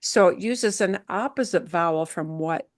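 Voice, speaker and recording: A woman's voice: lowish voice, moderate pace, no room sound, clean studio sound. A woman teaching a Spanish lesson, explaining words patiently and checking in with her listeners as she goes. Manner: patient, checks in with "yeah?" and "okay?".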